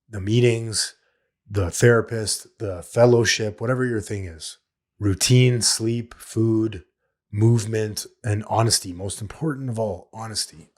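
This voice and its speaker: A man's voice: fairly low pitch, husky. A man hosting a solo recovery podcast, talking in an earnest, plain-spoken way and repeating his key points. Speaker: podcast host.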